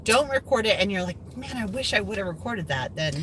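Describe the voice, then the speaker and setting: Bright-voiced woman telling a story. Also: medium pitch, animated, fast talker, slight background noise. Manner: chatty storyteller who acts out quotes and reads viewer comments aloud. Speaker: co-host of a farm channel. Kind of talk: casual live chat.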